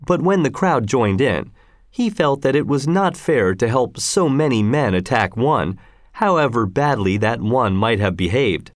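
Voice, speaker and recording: Male audiobook narrator, expressive, animated pitch, dry close recording. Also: unhurried, dry recording. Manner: lively, expressive reading. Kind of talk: audiobook storytelling.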